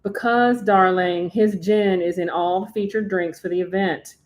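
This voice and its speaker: A woman's voice: medium pitch, fairly even intonation, measured pace, darkish tone, natural voice. A gracious, middle-aged socialite mother who gushes over her guests, voiced by a woman reading aloud. Her manner is genteel and effusive. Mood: gushing.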